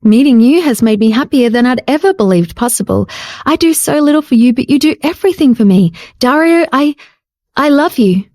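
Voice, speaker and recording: Woman voicing a young heroine, shy, earnest, higher voice, warm tone, dry sound. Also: lively intonation, brisk, no room sound. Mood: tender. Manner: pitched up, earnest and emotional. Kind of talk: audiobook character voice.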